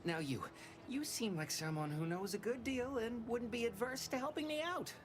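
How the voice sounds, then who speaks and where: A wheedling corporate schemer. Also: male voice, extremely high pitch, moderate pace. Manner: folksy, wheedling salesman patter. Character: scheming talkative corporate underling man. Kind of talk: video game dialogue.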